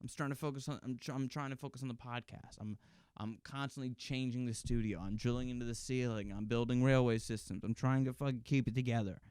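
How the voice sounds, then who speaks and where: Guy doing a solo podcast, swears a lot, rambly stories, clean smooth voice, dry sound. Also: mid-range voice, steady tone, quick pace, a little mellow, dry recording. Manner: profane, rambling storytelling. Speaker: podcast host. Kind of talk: casual solo podcast monologue.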